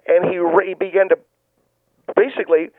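A man's voice: high-pitched, little pitch movement, brisk, no echo, close to an everyday voice. A man playing an indignant middle-aged caller who refuses masks, rambling and stammering through a tinny phone line. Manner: rambling, stammering restarts, whiny disbelief.

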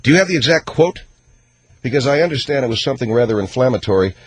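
A man's voice: medium pitch, lively intonation, fast. A man hosting a radio talk show, riffing sarcastically through a comedic monologue. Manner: sarcastic, riffing, acts out skits.

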